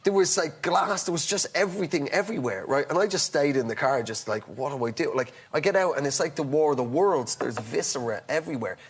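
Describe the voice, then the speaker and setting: A man, a comedian guest on a talk show, telling a long anecdote in a rambling, halting way with many restarts and acting out the other people in the story. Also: on the high side, breathy edge.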